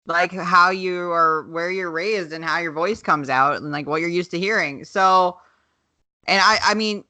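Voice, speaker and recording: Woman, light Southern accent, bright voice, blunt and swears a lot, dry close mic, casual podcast chat. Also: fairly low pitch, measured pace, no room sound. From American South. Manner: frank, swears freely, laughs often. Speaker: podcast co-host.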